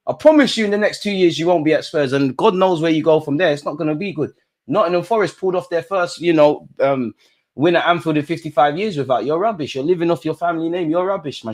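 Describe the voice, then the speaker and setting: Excitable young football streamer. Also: male voice, fast. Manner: shouts at players and ref, swings from mutters to high yells. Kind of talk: live match reaction commentary.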